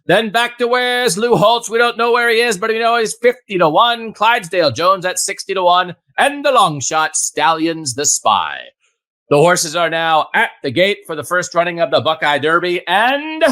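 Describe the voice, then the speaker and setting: Brief: man doing a high, bright horse-race announcer calling the field, brisk play-by-play energy. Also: animated. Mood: excited. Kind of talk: mock race call.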